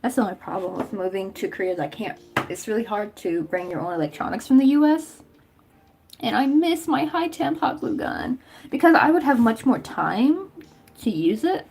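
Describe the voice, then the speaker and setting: A woman's voice: a little high, expressive, normal speed, vocal fry, a little mellow, slightly rough. A young woman from Tennessee with a light Southern accent, chatting casually and rambling while she crochets on a livestream. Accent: Southern American. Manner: chatty and rambling, lots of "like" and laughs.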